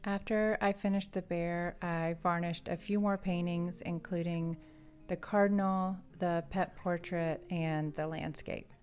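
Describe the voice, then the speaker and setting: A woman, an artist and shop owner, narrating her vlog in a calm, matter-of-fact voice-over. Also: lowish voice, unhurried. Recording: voice-over with faint background music.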